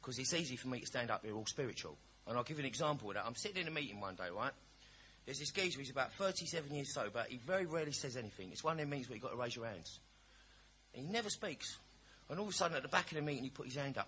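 A man's voice: medium pitch, lively intonation, rapid-fire, sharp tone, slight background noise. Candid man sharing his recovery story. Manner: candid, storytelling, cheeky humour. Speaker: recovery meeting speaker. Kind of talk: personal testimony at a recovery meeting.

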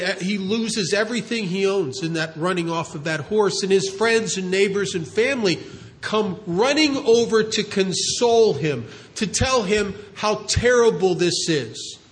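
A man speaking at a recovery meeting, telling a story in an earnest, animated way. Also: sits high. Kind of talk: storytelling talk.

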